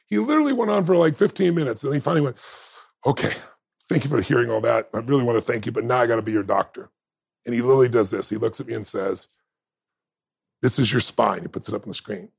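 A man in his fifties with a gravelly, husky voice tells his story as a podcast guest. He acts out what other people said and laughs along the way. His pitch sits in an ordinary middle range. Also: very fast, darkish tone. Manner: acts out quoted dialogue, laughs often. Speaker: interview guest. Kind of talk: animated storytelling in conversation.

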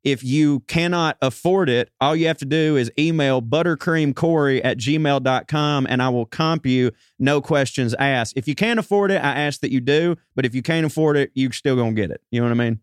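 A man's voice: mid-range voice, normal speed, hardly any pauses, smooth, no room sound, studio quality. A man, a comedian, chatting casually as a guest on a podcast in a plain-spoken way. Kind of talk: casual chat.

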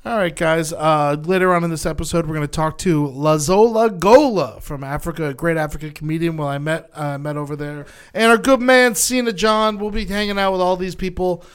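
A man from Florida co-hosting a podcast, with a slightly high, smooth voice. He talks in loose, profane, laughing banter. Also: brisk, hardly any pauses. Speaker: podcast co-host. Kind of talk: casual chat.

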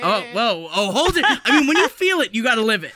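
A woman co-hosting a comedy podcast from home, chatting loudly and swearing through jokey rants. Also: on the high side, very animated, brisk, crowd noise. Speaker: podcast co-host. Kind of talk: casual comedic chat. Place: home room on a remote call.

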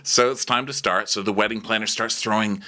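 Snarky guy with a bright edgy voice riffing on a tv episode. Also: on the low side, steady tone, brisk. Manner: sarcastic, snarky asides. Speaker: podcast co-host. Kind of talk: casual chat recapping a reality show.

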